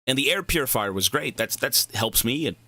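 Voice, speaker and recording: A man's voice: medium pitch, a little fast, no echo. Rambling, profane young male streamer. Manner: rambling, profane, animated tangents. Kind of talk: casual livestream chat.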